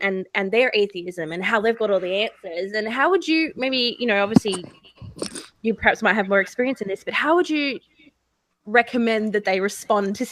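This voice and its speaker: A woman co-hosting a podcast, telling stories in an animated, giggly way and asking the guest questions. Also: mid-range voice, no echo, rough recording. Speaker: podcast co-host. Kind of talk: casual interview chat.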